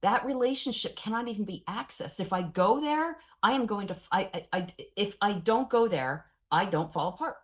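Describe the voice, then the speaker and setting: A woman in her forties giving a professional training lecture on trauma and grief, candid and animated, with wry humor. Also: mid-range voice, normal speed, few pauses. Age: 40s.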